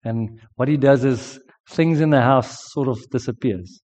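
A man's voice: medium pitch, a little slow, a little mellow. A middle-aged man preaching a sermon, telling a personal testimony earnestly. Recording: dull lo-fi sound with long hall reverb.

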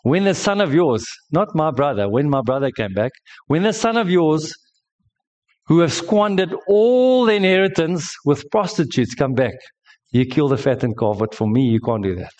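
A jealous, aggrieved older brother, voiced by a preacher mid-sermon,. He complains indignantly, his voice pitched higher than the preacher's usual and pushed harder. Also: lively intonation, moderate pace, a little mellow, close to an everyday voice. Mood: resentful. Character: resentful older brother, young adult man, bitter.

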